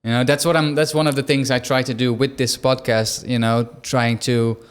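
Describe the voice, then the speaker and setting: A man's voice: medium pitch, flat delivery, brisk, clean tone. A young man, hosting a podcast and asking casual, probing questions. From Australia. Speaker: podcast host. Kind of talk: interview.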